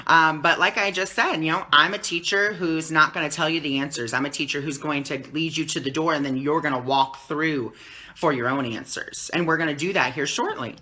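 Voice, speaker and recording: A man talking calmly and teacherly on a live stream as a spiritual teacher, answering viewer comments and often checking in with "okay?". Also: a little high, fairly quick. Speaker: spiritual teacher and card reader.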